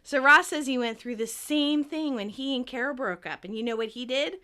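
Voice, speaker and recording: A woman's voice: high-pitched, fairly quick, bright, forceful tone. A woman co-hosting a podcast in casual recap chat, laughing often and acting out quoted lines. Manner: giggly, acts out quoted lines. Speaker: podcast co-host.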